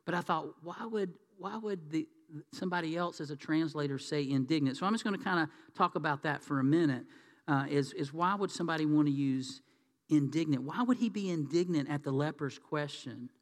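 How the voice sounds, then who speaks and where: High-voiced pastor in a reverberant hall. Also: male voice, fairly quick. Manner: conversational, folksy preaching. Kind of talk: sermon.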